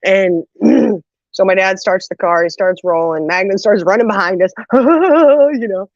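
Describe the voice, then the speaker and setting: The host has a mid-range voice and talks at a normal speed, relating a funny family anecdote in casual chat while laughing and animatedly acting out quotes. No room sound comes through on the dull lo-fi recording.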